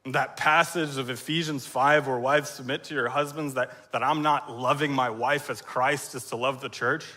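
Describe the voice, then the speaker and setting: Tearful man giving a halting sermon. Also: mid-range voice, steady tone, sharp tone. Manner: tearful, halting, clears throat often. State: crying. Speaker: church speaker. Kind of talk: emotional sermon testimony. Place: church stage with audience. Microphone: stage mic.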